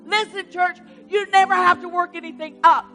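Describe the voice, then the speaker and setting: A woman pastor preaching a sermon in a church, swinging from hushed storytelling to loud exhortation. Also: very high voice, fairly even intonation, normal speed, faint music behind. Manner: dramatic swings from hushed to loud, retelling stories. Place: church sanctuary.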